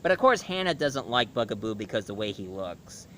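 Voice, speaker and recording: A man's voice: fairly low pitch, big pitch swings, fairly quick, fairly bright tone, slight background noise. A man casually reviewing a cartoon, retelling the plot in a rambling way with fillers.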